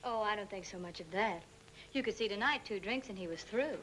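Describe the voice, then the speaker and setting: A woman's voice: mid-range voice, brisk, natural voice. A woman playing an earnest, easily flustered young woman in a 1940s film comedy. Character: eager young woman scheming to land a husband. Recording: hissy old film soundtrack.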